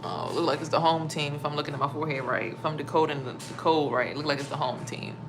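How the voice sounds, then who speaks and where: A young woman telling a story to her viewers in a casual, profane and animated way, acting out her own startled reactions. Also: sits low, quick pace, noisy background. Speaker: spiritual vlogger.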